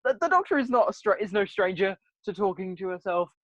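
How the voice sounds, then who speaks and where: A man's voice: high-pitched, lively intonation, fast talker, dry recording, dull audio. A young man chatting animatedly in a casual review, laughing often and mimicking characters. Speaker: podcast co-host.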